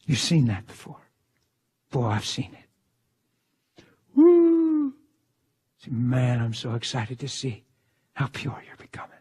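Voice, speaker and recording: A male preacher delivering a fervent sermon in a husky voice, swinging from exclamations down to hushed whispers. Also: medium pitch, steady tone, a little slow, pauses often.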